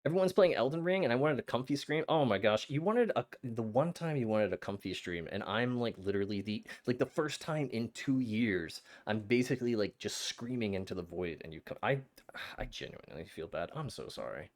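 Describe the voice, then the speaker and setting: A young man streaming a game, chatting to his viewers in an excitable, flustered way with frequent stammers. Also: mid-range voice, brisk. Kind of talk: casual live-stream chat.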